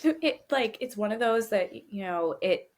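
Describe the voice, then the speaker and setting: A woman in her thirties co-hosting a podcast, telling a family story in a casual, animated way and laughing often. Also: a little high, measured pace. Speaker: podcast co-host. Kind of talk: casual chat. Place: lives in Florida.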